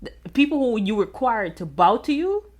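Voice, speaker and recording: Lively woman cohost, pitch jumping all over, slightly high voice, acting out bible bits. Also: normal speed. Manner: animated, acts out voices, laughs often. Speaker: podcast co-host. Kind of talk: casual Bible discussion.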